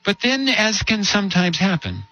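A man preaching a sermon, telling a story with rhetorical questions and slowing down to stress key words. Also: sits high, huge pitch swings, pushed and bright, dull audio. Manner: storytelling with rhetorical questions and slow emphatic drops.

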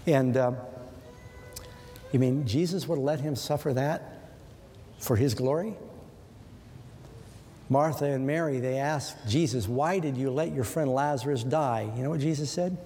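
A man's voice: mid-range voice, unhurried, pauses often, mellow, big-room sound, slight background noise. A man preaching a sermon in an earnest, conversational way, asking his listeners rhetorical questions. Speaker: pastor.

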